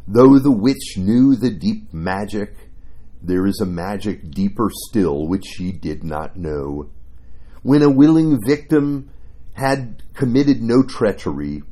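男人念出的庄严沉稳的雄狮. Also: male voice, on the low side, expressive, slow pace, warm tone. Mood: solemn. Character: majestic calm male lion, solemn.

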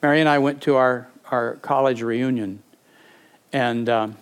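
A man's voice: mid-range voice, unhurried, clear, resonant tone. An older man preaching, telling a personal story conversationally, with frequent restarts and acted-out moments. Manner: conversational, with repeated words and fillers; animated, acting out the people in his stories. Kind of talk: sermon storytelling.

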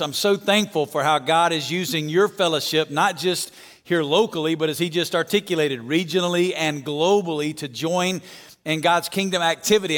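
High-voiced Southern preacher in a reverberant hall. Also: male voice. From Alabama. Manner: energetic, calls for amens and audience response. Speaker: guest pastor. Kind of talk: sermon. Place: church auditorium stage.

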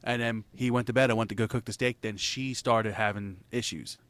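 A man's voice: fairly low pitch, fairly even intonation, brisk, a bit bright, no echo. A man in casual chat, telling a rambling, profanity-laced story and laughing between lines.

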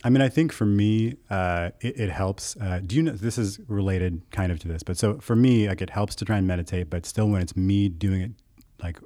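A young man with a low voice chats casually on a podcast. He rambles through stories in a rapid, animated way. The recording is close and dry. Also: no echo.

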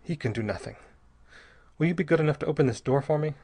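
Brief: male narrator doing a grave, poisoned little man, quiet and formal, slightly husky tone. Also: on the high side, pitched above the performer's own voice. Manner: quiet, measured, formal speech. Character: poisoned small stout man, grave and steady.

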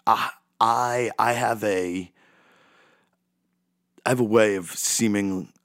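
A man's voice: fairly low pitch, steady tone, slow, fairly bright tone, no echo, studio quality. A man hosting a podcast, talking in a rambling, self-deprecating, goofy way. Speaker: podcast host. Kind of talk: casual monologue.

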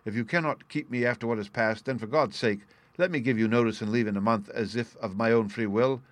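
A man doing a hoarse, pleading disgraced butler. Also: mid-range voice, fairly quick, dry recording, close to an everyday voice. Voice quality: hoarse with emotion.

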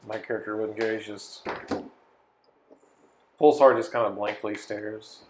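A man speaking as a player in a tabletop role-playing game, giving measured in-character lines. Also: fairly low pitch, little pitch movement, a little mellow, slight background noise.

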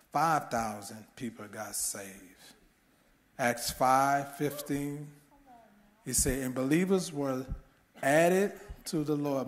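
Middle-aged man preaching in a reverberant hall. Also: mid-range voice. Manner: preaching with rising fervor and rhetorical questions. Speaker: pastor. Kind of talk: sermon.

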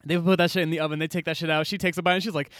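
A podcast co-host, this man retells scenes from books on a casual show, animatedly acting out characters' lines and saying "like" a lot. His voice is fairly high, level in tone and slightly bright, and he talks at a racing pace. The recording is dry and studio quality.

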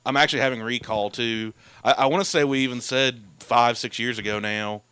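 A man's voice: medium pitch, steady tone, brisk, sharp tone, clear, resonant tone, no echo. A man co-hosting a casual film podcast, blunt and sardonic, often finishing his partner's thoughts. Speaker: podcast co-host.

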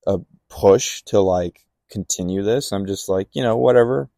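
A man's voice: fairly low pitch, normal speed, gravelly, hardly any pauses, dark tone, no room sound, studio quality. A young man casually telling a personal testimony on a podcast, rambling with fillers and acting out remembered dialogue. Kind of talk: casual storytelling.

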